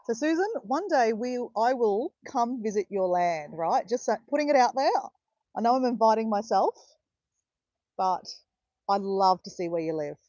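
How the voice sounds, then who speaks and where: A woman's voice: fairly high pitch, normal speed, no room sound, muffled recording. An Australian woman hosting a live stream, chatting casually and greeting viewers by name. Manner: chatty, addresses viewers by name, bursts of excited cheering. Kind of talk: chatty livestream talk to viewers.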